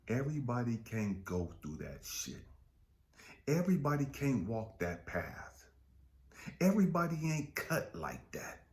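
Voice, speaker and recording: A middle-aged man giving an impassioned motivational monologue. He is blunt and profane, repeats lines for emphasis, and swings between low murmurs and fired-up outbursts. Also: a little mellow, echoey room. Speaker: motivational speaker.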